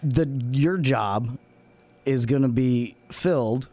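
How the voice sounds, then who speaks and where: A man's voice: medium pitch, takes it slowly, warm tone, dry recording. A man co-hosting a community radio show in casual chat, speaking earnestly, often repeating himself and stumbling on words.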